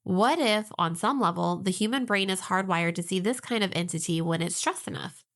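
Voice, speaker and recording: A woman co-hosting a podcast, explaining ideas in a measured, informative way with light teasing. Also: mid-range voice. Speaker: podcast co-host.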